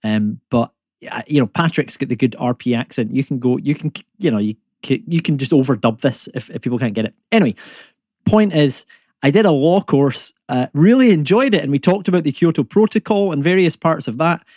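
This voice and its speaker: Speaking a little high and fairly quickly with lots of expression, a Scottish man in his thirties chats as a podcast guest, mocking himself casually and filling his speech with fillers and restarts. He's a climate economist and comedian, and the studio-quality recording is dry, giving his voice a darkish tone.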